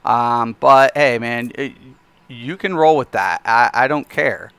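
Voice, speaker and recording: A man's voice: medium pitch, takes it slowly, a bit bright, clear, resonant tone, no echo. A man ranting casually on a live game stream into his desk microphone, emphatic and repetitive with lots of fillers. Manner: emphatic, repeats himself, frequent fillers.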